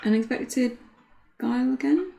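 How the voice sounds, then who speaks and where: A British woman chatting through a card game match as co-commentator. She teases her partner and giggles easily, and her pitch swings up and down with a lot of life. It sounds like relaxed, playful banter between friends. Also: a little slow, creaky. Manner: giggly, teasing, animated. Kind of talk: casual commentary chat.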